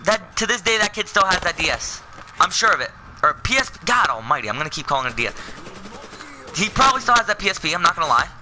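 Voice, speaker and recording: A man's voice: high-pitched, sing-song, fast, pushed and bright, a little hiss or hum, rough recording. A young man telling a personal story in a casual, rambling way, full of fillers and self-corrections. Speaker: vlogger.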